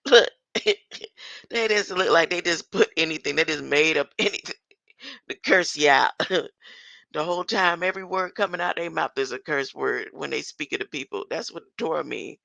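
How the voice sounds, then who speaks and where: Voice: mid-range voice, measured pace, vocal fry, pauses often, bright, forceful tone, dry recording. An older speaker in a rambling solo monologue who reads scripture verses aloud, argues with them, laughs often and keeps asking "huh?". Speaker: self-styled scripture commentator.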